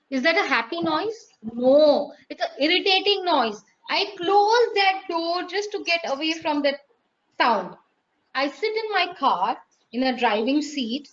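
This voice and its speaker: Woman, high voice, lively online lecturer, slightly muffled recording. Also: measured pace. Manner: lively, playful, acts out sounds and voices. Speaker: teacher trainer.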